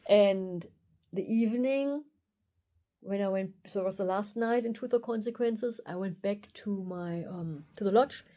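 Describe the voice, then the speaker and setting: A woman tells a personal story straight to camera. Her voice is warm and mellow, and her delivery is candid and animated, and she often slips into quoting her own thoughts. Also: medium pitch, unhurried. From Germany. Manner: candid, animated retelling with quoted inner thoughts. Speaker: osteopath and video host.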